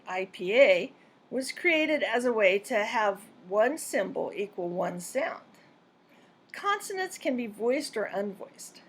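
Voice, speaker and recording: Measured woman teaching pronunciation. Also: fairly high pitch. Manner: clear, deliberate, measured delivery. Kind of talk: scripted instructional narration.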